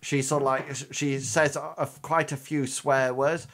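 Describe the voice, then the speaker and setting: A man running a tabletop game as game master, talking in a halting way with many ums and restarts. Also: medium pitch, level tone, a bit bright.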